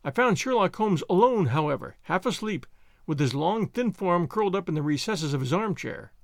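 Expressive male audiobook narrator. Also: high voice, moderate pace, dry recording, clean studio sound. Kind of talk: scripted first-person narration.

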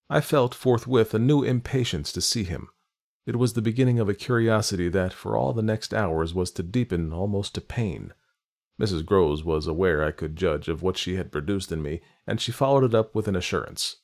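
A man reading a classic novel aloud as narrator, measured and literary in his delivery. His voice sits on the low side, and the long, winding sentences are paced with care. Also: creaky, darkish tone. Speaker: audiobook narrator.

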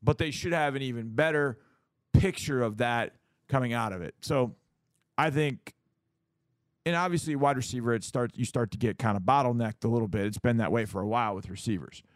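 Animated middle-aged man arguing sports. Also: medium pitch, fairly quick, no room sound. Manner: animated, acts out quoted voices, repeats words. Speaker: sports talk co-host. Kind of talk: casual sports debate.

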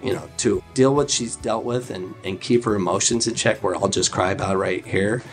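A middle-aged man, a mentor, recounting a story in an interview with animated acted quotes. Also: fairly low pitch, normal speed, soft background music. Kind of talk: interview recollection.

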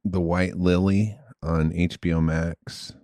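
Slow, rambling man chatting. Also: sits low, little pitch movement, warm tone, no echo, studio quality. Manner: rambling, profane, restarts often. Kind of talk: casual comedic chat.

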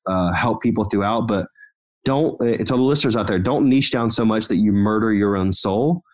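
A man with a fairly low voice speaks as a podcast guest. He talks in a relaxed, conversational way and tells his stories with energy, building to motivational points. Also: moderate pace. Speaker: guest, company founder.

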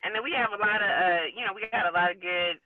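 Brief: man calling in, high voice, thin phone-like sound, relaxed. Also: fast, no echo. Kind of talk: casual podcast chat. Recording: tinny phone-like remote call.

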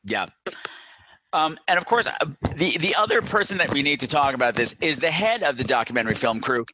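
A man's voice: fairly high pitch, expressive, a little fast, noisy background. A man co-hosting a podcast, talking enthusiastically about a movie and laughing often. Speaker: podcast co-host. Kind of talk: casual movie discussion.

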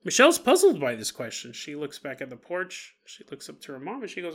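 A man hosting a paranormal podcast, retelling a reader's story in an animated way with acted-out quotes and small stumbles. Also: a little high, a little fast, few pauses.

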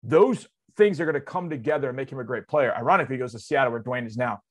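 A man in his forties hosts sports radio and spins a yarn with plenty of energy. His voice sits at an ordinary middle pitch. He jumps between loud, excited bursts and quieter asides, talking casually and loosely throughout. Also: quick pace. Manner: animated, excitable storyteller with big swings in loudness and pitch; conversational, drops into loose asides. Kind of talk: casual on-air storytelling.

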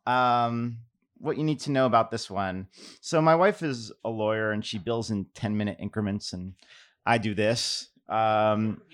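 A man's voice: on the low side, measured pace. A middle-aged man from New York, a poet telling a casual anecdote with fillers and restarts, then reading his poems aloud. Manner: relaxed, self-deprecating, many fillers and restarts.

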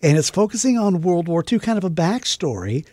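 A morning radio host asking a guest questions in a relaxed, friendly way. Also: medium pitch, fairly quick, no room sound. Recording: dry close studio mic.

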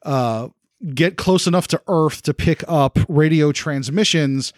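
A man running a tabletop game as game master, recapping the last session in a laid-back, halting way with many fillers. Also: on the high side, no room sound, studio quality.

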